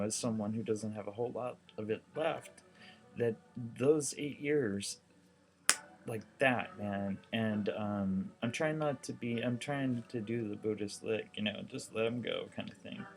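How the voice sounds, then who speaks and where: Low-pitched man, seriously ill, rambling heartfelt to-camera talk, full of fillers. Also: animated, a little slow, faint music behind. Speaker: documentary vlogger.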